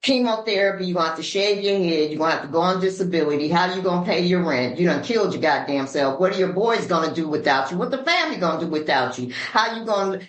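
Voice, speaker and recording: An older woman from Los Angeles speaking at a recovery meeting, telling her story in an animated, preacherly way with sudden voice shifts. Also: fairly low pitch, fast, hardly any pauses, roomy sound, poor audio. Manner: African American Vernacular English grammar. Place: meeting room.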